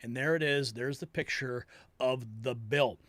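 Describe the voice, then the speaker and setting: Guy hosting a news commentary show, bright forceful voice, dry close mic, gets worked up. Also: medium pitch, measured pace, dry recording. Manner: emphatic, excitable commentary reacting to clips.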